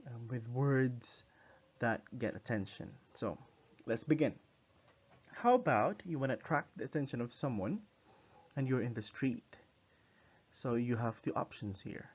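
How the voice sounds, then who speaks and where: A man teaching a recorded language lesson, repeating each phrase slowly for the learner to copy. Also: medium pitch, a little mellow. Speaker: French teacher. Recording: muffled lo-fi recording.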